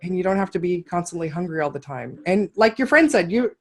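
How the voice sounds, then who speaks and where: A woman's voice: lowish voice, animated, fast. A woman hosting a podcast, speaking in a conversational, affirming way as she asks her guest questions. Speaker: podcast host. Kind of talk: casual interview chat.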